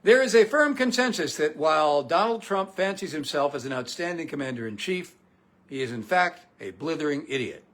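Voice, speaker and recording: A man's voice: a little high, animated, fairly quick, fairly bright tone. A man hosting a comedic political talk show, sarcastic and profane. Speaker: political commentator and show host.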